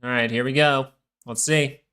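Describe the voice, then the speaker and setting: A man's voice: medium pitch, steady tone, normal speed, pushed and bright, clean tone. A man hosting a live stock market stream, giving casual, rambling commentary full of restarts. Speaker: stock market livestream host.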